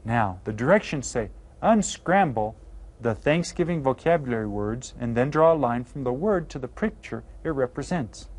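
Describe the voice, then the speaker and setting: A mid-pitched man teaches a classroom video lesson. He sounds upbeat and playful and keeps encouraging his listeners. He stretches out each new word so it is clear. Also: lively intonation, darkish tone. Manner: upbeat, playful and encouraging, drawn-out careful pronunciation of words. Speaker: Spanish teacher.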